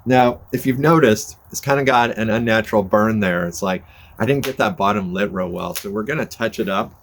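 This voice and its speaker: A man's voice: on the low side, brisk. An older man, a podcast host, chatting casually and rambling in a folksy, self-deprecating way while sitting by a fire on his porch. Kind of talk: casual chat to camera. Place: front porch by a fire, outdoors. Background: fire crackling, passing cars.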